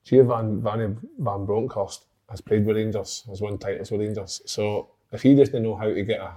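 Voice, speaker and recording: A man's voice: lowish voice, steady tone, normal speed, mellow. A man talking football as a pundit, making his points emphatically in casual chat.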